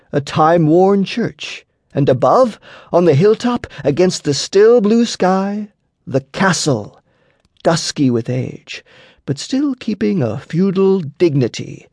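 A man narrating an audiobook story in an unhurried storytelling manner. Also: a little high, gravelly, darkish tone, slightly rough, dry recording. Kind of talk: scripted narration.

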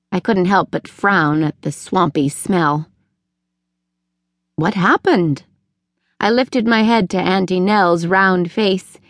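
A woman reading a novel aloud in first person, with measured, clear storytelling. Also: lowish voice, dry recording, clean studio sound. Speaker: audiobook narrator. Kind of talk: scripted first-person narration.

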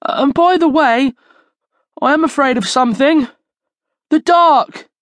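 A woman's voice: extremely high pitch, big pitch swings, measured pace, a little mellow, dry recording, studio quality, voice pushed up, heavily acted. A woman voicing a timid young schoolboy who whimpers and frets. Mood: scared. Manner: whimpering, jittery. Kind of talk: audiobook character voice.

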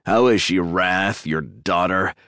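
A man's voice: low voice, slow, pushed and bright, smooth, no echo, studio quality, heavily acted. A man voicing a crude, gloating paroled killer who taunts his victim in an audiobook.

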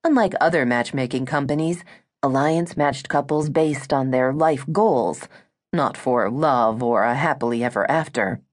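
A woman narrating a romance audiobook in a smooth, measured storytelling manner. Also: very deep voice.

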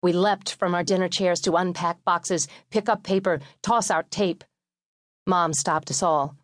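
A woman narrating a memoir audiobook in a measured, wry storytelling manner, recorded in a studio. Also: fairly low pitch, fairly even intonation, no room sound.

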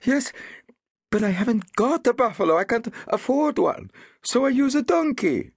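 A man voicing a distraught male village farmer who pleads in a high, wailing voice. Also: big pitch swings, normal speed, gravelly, husky, no echo, clean studio sound, full character voice. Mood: pleading.

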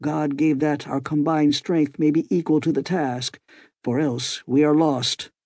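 A man voicing an excitable old male inventor in an audiobook, speaking in urgent exclamations. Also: fairly high pitch, measured pace, dry recording, clean studio sound. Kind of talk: audiobook character voice.

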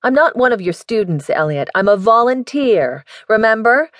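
A woman's voice: on the high side, very animated, moderate pace, no room sound, pitched above the performer's own voice. A woman voicing a defiant young woman volunteer who answers her father with sarcasm, in a raised voice. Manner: defiant, sardonic.

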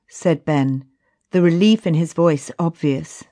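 A woman narrating a children's audiobook in a steady, unhurried way. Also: low-pitched, dry recording.

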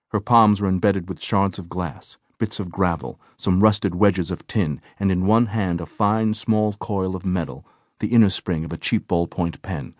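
Guy reading an audiobook, deep voice, steady and measured, dry close sound. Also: dry recording. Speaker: audiobook narrator. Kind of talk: scripted narration.

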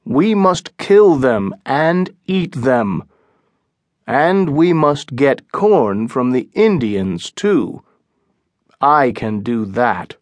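A man's voice: mid-range voice, very animated, extremely slow, dry recording. A man reading a stern, blunt colony leader. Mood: firm. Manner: firm and blunt. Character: stern, commanding male English colony leader. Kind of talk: audiobook character reading.

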